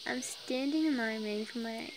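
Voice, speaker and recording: A woman's voice: a little high, normal speed, background noise. A woman casually reading fan fiction aloud, chatty and giggly, breaking off for side comments.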